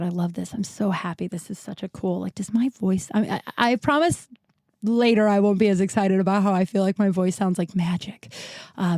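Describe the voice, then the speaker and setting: A woman's voice: medium pitch, dry recording, clean studio sound. A woman hosting her own podcast while sick and tired, talking in a rambling, candid way, often breaking off mid-sentence and swearing casually. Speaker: podcast host. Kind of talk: casual solo podcast chat.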